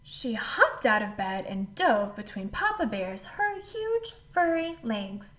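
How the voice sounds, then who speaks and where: Woman storyteller, fairly high voice, expressive picture-book read-aloud. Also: slow. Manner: animated storybook reading with asides to the listener.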